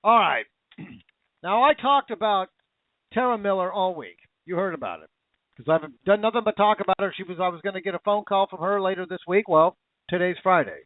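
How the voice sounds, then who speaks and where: In a fairly quick, high voice, a man rants on his talk radio show, repeating himself and growing angrier with each emotional turn. There's no room sound, just a tinny, phone-like quality to this impassioned monologue.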